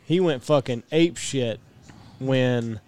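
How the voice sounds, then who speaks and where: A man in a casual chat while watching football, making relaxed play-by-play remarks and swearing freely. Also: medium pitch, slow.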